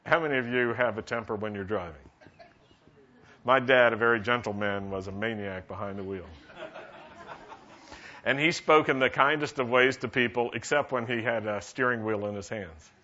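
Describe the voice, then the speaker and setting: Bright-voiced male pastor preaching. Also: mid-range voice, moderate pace. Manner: preaching, asking the congregation questions. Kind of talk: sermon. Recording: dull lo-fi sermon recording.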